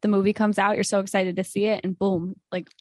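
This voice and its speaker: A woman's voice: medium pitch, level tone, fast talker, no room sound, clean studio sound. A woman chatting casually, laughing easily as she talks about a movie. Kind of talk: casual chat.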